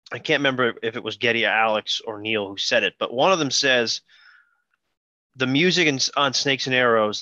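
A man's voice: medium pitch, sharp tone, no echo, dull audio. A man hosting a podcast, chatting casually about concert videos, rambling and correcting himself as he goes. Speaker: podcast host. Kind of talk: casual chat about music.

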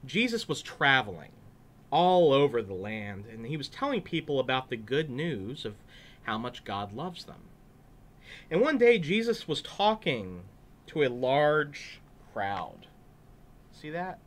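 Animated man reading a children's story. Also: medium pitch, a little slow. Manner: animated, chatty, asides to kids. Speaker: pastor.

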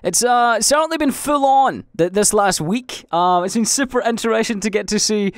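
A man's voice: high voice, normal speed, dry recording, clean studio sound. A young Scottish man hosting his own podcast, rambling through a casual solo monologue full of fillers, restarts and swearing. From Scotland. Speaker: podcast host and livestreamer.

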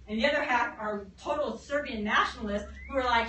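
A bright, high-voiced woman teacher lectures at speed and slips into quick comic voices for the countries she describes. The sound is roomy and a little distant, like a classroom heard from the back with a faint hum behind. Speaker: history teacher. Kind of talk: fast, animated classroom lecture. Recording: echoey room, mic at a distance.

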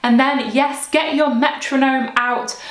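A woman teaching recorder practice tips in a clear, encouraging way, sometimes singing rhythms aloud. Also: high voice, fairly even intonation, a little slow, reverberant.

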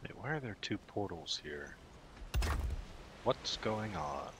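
A man's voice: low voice, lively intonation, slow, background noise. A man chatting easily with friends while playing a game. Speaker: fellow player. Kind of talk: casual gaming chat.

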